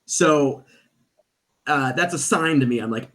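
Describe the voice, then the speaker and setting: This stage performer, a man with a mid-range voice, talks at a measured pace while guesting on a podcast. In relaxed chat he tells a story with animation, performing each quoted character's voice.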